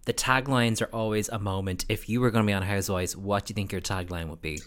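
A man's voice: on the low side, fairly even intonation, fast talker, fairly bright tone. A man hosting a podcast, chatting casually with a guest and laughing often. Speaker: podcast host. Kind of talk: casual chat interview.

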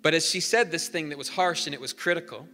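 Pastor guy preaching, bright forceful voice, big echoey church with soft music under it. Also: on the high side, fast talker. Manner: earnest, builds to emphatic repeated phrases. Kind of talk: sermon. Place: large church hall. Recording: live church hall reverb with soft instrumental music.

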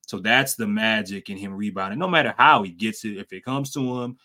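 Man, podcast co-host, casual chat, animated, teasing. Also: fairly quick. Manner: animated, jumps high in pitch when teasing. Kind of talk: casual sports and culture chat.

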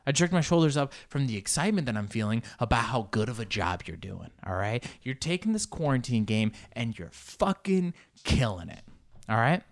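A man's voice: medium pitch, big pitch swings, normal speed. A man hosting his own podcast, rambling through a casual, profane, self-mocking solo monologue. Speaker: podcast host and comedian.

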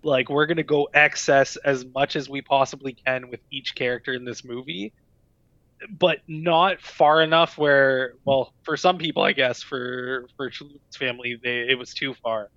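A man's voice: mid-range voice, fairly even intonation, moderate pace, bright, forceful tone, dry recording. A man co-hosting a podcast in casual chat, talking loosely with many fillers and frequent laughter. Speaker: podcast co-host. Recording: dull dry recording.

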